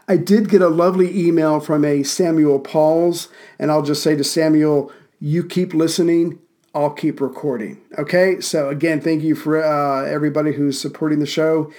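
A man's voice: a little high, a little mellow. A man hosting a history podcast from Central Virginia, narrating events with dry, wry asides and thanking listeners casually.

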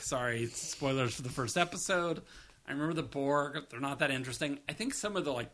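A man's voice: mid-range voice, bright, forceful tone, husky. A man co-hosting a podcast, chatting casually in a rambling style and swearing now and then. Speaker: podcast co-host. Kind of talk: casual review chat.

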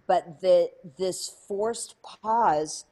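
A woman telling a story as an interview guest, lively and chatty, acting out other people's voices with many fillers. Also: on the low side, drawn-out words. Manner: animated, acts out quoted voices, many fillers. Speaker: interview guest, speaker and coach.

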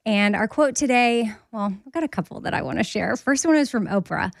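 A woman co-hosting a podcast in casual, animated chat, laughing often. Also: fairly high pitch, fairly quick, gravelly, no room sound, clean studio sound. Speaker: podcast co-host.

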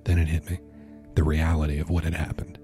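A man's voice: very deep voice, completely flat delivery, a little fast, warm tone, soft background music. A man narrating a first-person horror story with tense, vivid storytelling.

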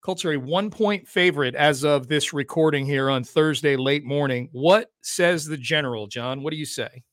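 Higher-voiced guy hosting a sports podcast, quick and chatty, dry close mic. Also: fairly bright tone, no room sound. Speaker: podcast host.

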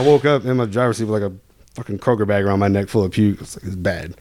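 Fast-talking young man telling stories. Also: lowish voice, darkish tone. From Louisville, Kentucky. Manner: profane, rambling anecdotes. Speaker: guest. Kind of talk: casual storytelling.

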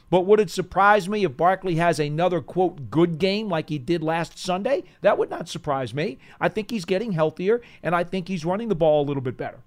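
A man co-hosting a sports call-in radio show, giving steady, analytical answers. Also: high-pitched. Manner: measured analytical.

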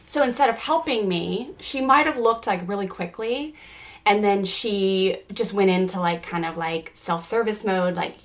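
Chatty, animated woman in her forties. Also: medium pitch, unhurried. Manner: animated, chatty, many "like" fillers. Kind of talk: casual storytelling.

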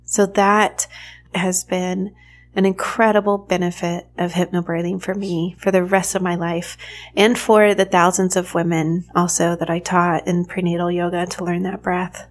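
A middle-aged woman and yoga teacher, telling a personal birth story in a candid, chatty way that is broken up by laughs, then leading a slow breathing exercise. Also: on the low side, little pitch movement. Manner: candid, chatty, laughs often, soft counting.

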